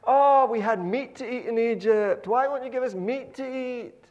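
A man voicing the grumbling ancient Israelites in a high, whining, complaining tone. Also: moderate pace, darkish tone, lo-fi sound. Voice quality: high, whiny, wailing complaint.

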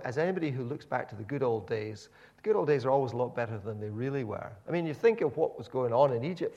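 A man's voice: mid-range voice, vocal fry, a little mellow, lo-fi sound. A man preaching a sermon, telling the story animatedly with many repeated words and restarts.

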